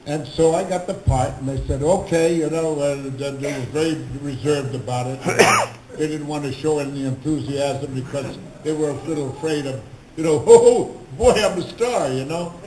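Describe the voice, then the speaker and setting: A man's voice: fairly high pitch, normal speed, a little hiss or hum. Older man telling stories in an echoey hall. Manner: animated, acts out quotes and laughs. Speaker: convention panel guest. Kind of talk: anecdotal storytelling. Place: large convention hall. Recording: echoey hall with faint crowd ambience.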